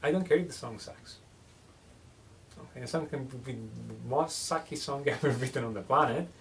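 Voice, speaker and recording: A man's voice: medium pitch, moderate pace, far from the mic, slight background noise. A man teaching songwriting in a casual one-on-one lesson, joking and often restarting his phrases.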